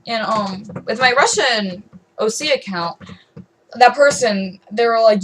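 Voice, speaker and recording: A woman's voice: a little high, animated, unhurried, fairly bright tone, low-quality recording. A teenage girl ranting to camera in a rambling, aggrieved way, full of "um"s, "like"s and restarts. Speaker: vlogger.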